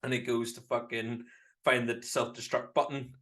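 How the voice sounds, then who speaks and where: A man with a Northern Irish accent, co-hosting a casual film podcast, animated and often laughing as he retells scenes. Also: medium pitch, moderate pace. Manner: animated, laughing, swearing, quotes lines in put-on voices. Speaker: podcast co-host. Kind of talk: casual chat.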